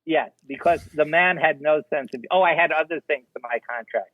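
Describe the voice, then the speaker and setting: An older man, a film director guest, telling lively anecdotes in an interview and acting out the people he quotes. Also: fairly high pitch, a little fast, no room sound. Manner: animated, acts out the people he quotes. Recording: dry, tinny phone-like line.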